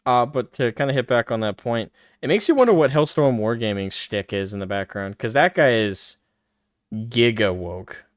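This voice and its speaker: A man's voice: mid-range voice, expressive, moderate pace, no echo, studio quality. A man hosting a casual podcast chat in a laid-back, agreeable way. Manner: laid-back, agreeable, reads super chats. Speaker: host.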